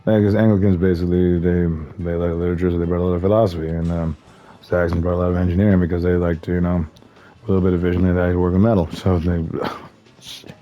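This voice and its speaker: A man's voice: sits low, flat delivery, fast, muffled recording. A man streaming a game, rambling loosely, swearing and laughing often. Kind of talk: rambling gameplay commentary.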